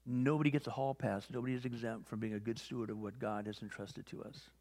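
A man preaching a sermon as pastor, telling stories and acting out both sides of conversations with lively energy. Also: medium pitch, fast. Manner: animated storytelling, acting out conversations. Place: church sanctuary. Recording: long hall reverb.

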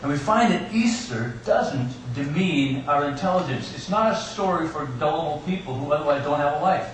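Guy preaching, kinda high voice, storytelling w little jokes, far off mic in a big echoey church, some hiss. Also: animated, moderate pace. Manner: personal storytelling with joking asides. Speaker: pastor. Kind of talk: Easter sermon. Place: church sanctuary.

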